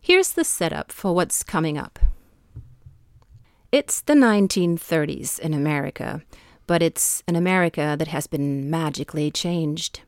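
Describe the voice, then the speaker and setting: A woman hosting a podcast, reading a scripted setup in a measured way. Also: deep voice, expressive, smooth, dry recording, studio quality. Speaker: podcast host. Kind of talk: scripted introduction.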